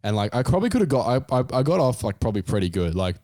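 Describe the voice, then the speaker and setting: A man's voice: very fast, no room sound, clean studio sound. Young Australian man telling a story. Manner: animated, voice jumps high when retelling panic. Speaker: podcast co-host. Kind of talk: casual storytelling.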